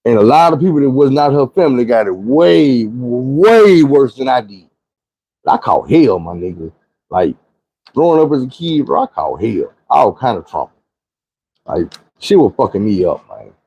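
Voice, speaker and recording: A man's voice: mid-range voice, sing-song, moderate pace, husky, no room sound, lo-fi sound. A young man telling a profane, vivid personal story in a casual monologue. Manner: vivid, profane retelling with shouted quotes.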